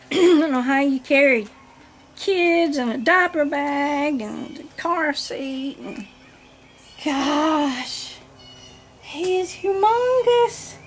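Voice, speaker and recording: A woman's voice: sits high, slight background noise. A woman vlogger unboxing a doll at home, gushing and giggling as she talks to viewers. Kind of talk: casual unboxing vlog. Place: home nursery. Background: birds chirping.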